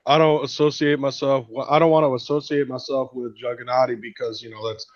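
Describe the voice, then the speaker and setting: A man's voice: medium pitch, level tone, brisk, dry recording. Male podcaster, laid-back mumbling, dry lo-fi mic. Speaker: podcast co-host. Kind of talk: casual chat.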